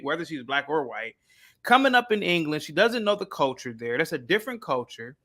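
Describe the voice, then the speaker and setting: Man, podcast guest, bright voice, raised pitch, emphatic, profane storyteller. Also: sing-song, brisk. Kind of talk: casual podcast chat.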